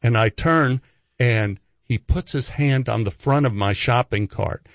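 A man's voice: mid-range voice, unhurried, no echo. Dry, close, storytelling middle-aged man. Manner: lively storyteller who acts out the voices in his tales. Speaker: actor telling stories as a radio guest. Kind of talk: animated anecdote telling. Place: radio studio.

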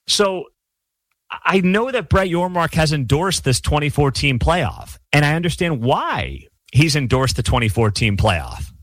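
A man hosting his own college football channel, giving blunt opinionated commentary with sarcastic asides and animated rants. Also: a little high, measured pace, no echo.

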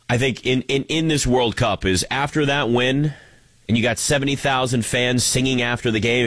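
A man's voice: medium pitch, fairly bright tone, no echo. A man giving an opinionated sports talk monologue, wry and joking as he rants. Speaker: sports commentator.

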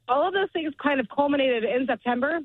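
A woman's voice: sits high, expressive, dry recording. Woman beat reporter, analytical, tinny phone line, dry sound. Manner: analytical, measured. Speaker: baseball reporter. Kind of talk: radio interview.

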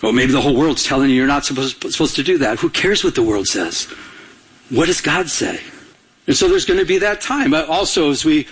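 A man's voice: fairly high pitch, sing-song, fairly quick, fairly bright tone, slightly rough, low-quality recording. A man preaching a sermon as pastor, urging the congregation on, repeating words for emphasis and asking them to finish his lines. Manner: urgent preaching with call-and-response questions to the congregation.

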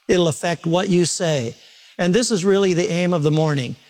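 A man's voice: sits high, normal speed, a little mellow. A man preaching a sermon to a congregation, talking to them directly with questions and joking about himself. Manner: self-mocking humorous asides. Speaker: pastor. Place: church service before a congregation.

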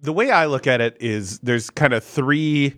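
A man's voice: mid-range voice, a little slow, a bit bright, dry recording. A man co-hosting a sports radio show, joining the banter in an easygoing, joking way. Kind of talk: casual sports radio chat.

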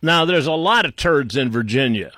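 A man's voice: medium pitch, expressive, moderate pace, fairly bright tone, no room sound, clean studio sound. A man giving an unscripted political rant, scornful and insulting, rambling with frequent restarts. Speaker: political commentator.

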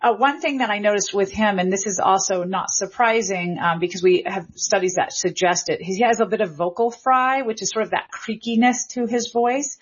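A woman's voice: fairly high pitch, breathy edge. A middle-aged woman linguist from the South, explaining with enthusiasm and some fillers. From American South. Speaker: linguist guest. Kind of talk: interview answers, explanatory. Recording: dull lo-fi audio.

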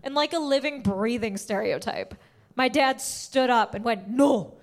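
High-voiced woman doing stand-up. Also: moderate pace. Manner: animated storytelling, acts out her parents. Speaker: stand-up comedian. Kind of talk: stand-up set.

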